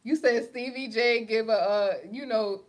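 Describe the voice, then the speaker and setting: Young woman, New York accent, livestream host, animated, slangy, laughs a lot. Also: a little high, a little slow. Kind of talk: casual livestream chat reading comments.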